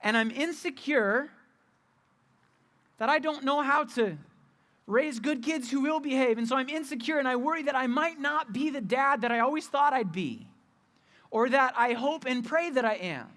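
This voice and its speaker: A man's voice: very high-pitched, normal speed, a bit bright. A young adult man preaching a candid, conversational sermon as a youth pastor, often repeating and restarting his phrases.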